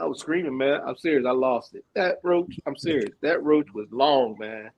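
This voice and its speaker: A man with a husky, slightly high voice chats on a podcast. He tells lively stories, repeats his lines for emphasis and breaks into laughter often. His delivery is loose and unscripted. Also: a little fast, few pauses, highs cut off. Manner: animated storyteller, laughs often, repeats himself. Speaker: podcast co-host. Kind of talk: casual chat.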